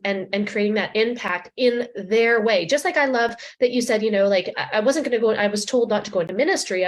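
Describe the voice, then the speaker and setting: A woman hosting a podcast, talking in an emotional, heartfelt and encouraging way. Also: mid-range voice. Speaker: podcast host. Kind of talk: heartfelt conversation.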